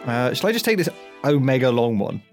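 A man's voice: mid-range voice, very animated, fairly quick, music in the background. A man co-hosting a casual podcast, reading out a listener's letter and laughing and swearing as he goes. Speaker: podcast co-host.

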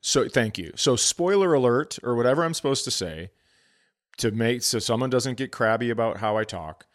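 Animated storytelling man, swearing. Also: medium pitch, moderate pace. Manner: animated, swearing, voices others in quotes. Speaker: podcast co-host, comedian. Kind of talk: casual storytelling chat.

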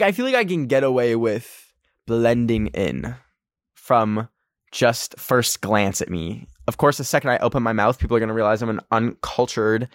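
A man's voice: medium pitch, dry recording, clean studio sound. A young man hosting a casual solo podcast, anxious and rambling, full of filler words. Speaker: podcast host.

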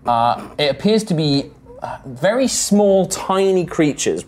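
A man's voice: medium pitch, a little mellow. A man narrating as game master, casual and full of ums and restarts.

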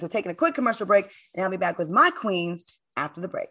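A woman's voice: medium pitch, expressive, fast, sharp tone. A woman hosting a talk show, blunt and fiery in heated panel talk, also reading an ad herself.

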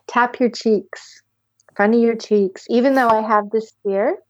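A woman guiding a tapping session with calm step-by-step instructions, sighing deeply between phrases. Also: a little slow, no room sound, lo-fi sound. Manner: calm step-by-step instructions, leading group repetition. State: deep audible sighs and yawns between phrases. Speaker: tapping practitioner. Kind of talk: guided tapping session with breathing.

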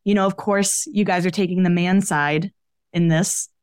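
This podcast co-host speaks at a normal speed in a smooth, fairly low voice with fairly even intonation, chatting gossipily about pop culture and leaning heavily on "like" as a filler. The sound is dry and studio quality.

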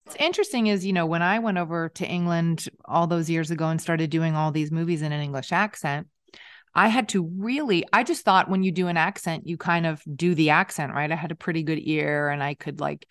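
A middle-aged woman hosting a casual conversation, relaxed and reflective, with a somewhat nasal voice. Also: low voice, brisk, clean tone, dry recording, clean studio sound. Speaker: host.

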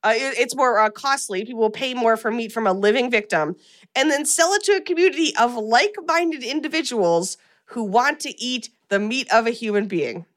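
A woman hosting a podcast, recapping a film in a chatty, animated way with many fillers. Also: fairly high pitch, moderate pace. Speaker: podcast host. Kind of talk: casual chat recapping a film.

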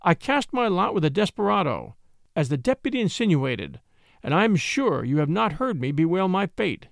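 A spirited, well-bred young lady, brave and lightly teasing, as a male narrator puts her on. The voice is lifted high and lilting, swinging lively over each phrase. It is heard close and dry. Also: moderate pace, creaky, no room sound, exaggerated voice. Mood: earnest, teasing.

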